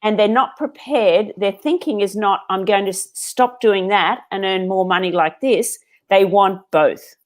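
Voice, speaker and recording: An Australian woman, a business owner, answering as an interview guest in an earnest, measured storytelling way. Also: medium pitch.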